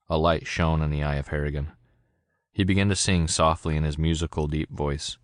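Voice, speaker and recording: A male narrator reads a novel aloud in steady scripted narration. His voice sits extremely low. The sound is dry and close, with no room in it. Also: fairly quick, dry recording. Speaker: audiobook narrator.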